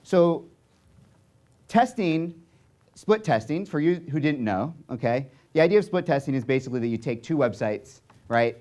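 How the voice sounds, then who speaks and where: A young man speaking to an audience, telling a story in an animated way and checking in often with "right?" and "okay?". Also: a little high, moderate pace.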